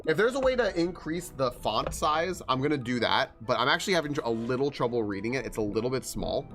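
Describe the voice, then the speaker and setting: A man's voice: mid-range voice, big pitch swings, quick pace, a bit bright. A man streaming a video game, chatting casually and thinking aloud with lots of fillers. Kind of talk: casual live-stream commentary. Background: game music.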